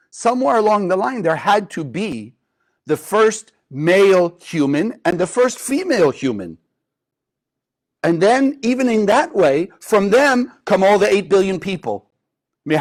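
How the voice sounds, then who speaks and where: Guy with a high voice teaching a class, tells the story and keeps asking questions. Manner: storytelling with many rhetorical questions. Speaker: Kabbalah teacher. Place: live class with a group.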